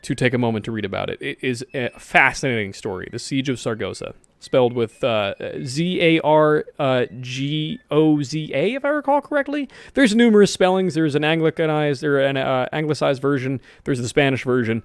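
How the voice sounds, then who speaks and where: A man's voice: mid-range voice, brisk, few pauses, smooth, no echo. A man giving casual, rambling commentary over a strategy game, correcting himself often and dropping jokey asides. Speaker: gaming video host.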